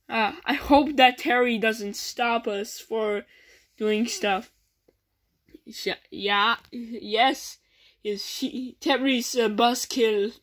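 A woman rambles through a homemade comedy skit, voicing toy characters off the cuff. Her voice sits somewhat high, and she talks slowly, with plenty of stumbles and restarts. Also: a bit bright. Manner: goofy, rambling, many false starts.

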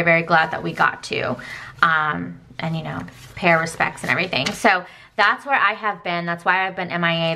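A woman's voice: lowish voice, bright, forceful tone. A young adult woman chatting casually as she plans, rambling with fillers and asides. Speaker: planner vlogger. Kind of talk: casual chat while planning.

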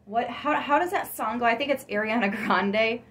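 Chatty excitable woman reading tarot. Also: on the high side, normal speed. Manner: chatty, excitable, gasps and laughs often. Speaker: tarot reader.

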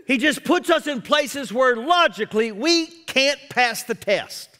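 A middle-aged man preaching a sermon as pastor, expressive, with self-deprecating humor. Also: very high voice, measured pace, in a large hall.

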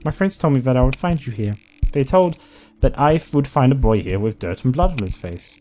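Eerie calm boy, earnest and soft, pitched high, as a man reads his lines aloud. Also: fairly quick, faint music behind, natural voice. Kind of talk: reading game dialogue aloud.

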